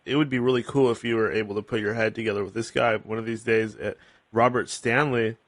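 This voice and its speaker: A man hosting a podcast, talking in a halting way with many fillers and restarts. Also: lowish voice, fairly even intonation, fairly bright tone, no room sound. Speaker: podcast host. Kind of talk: casual podcast conversation.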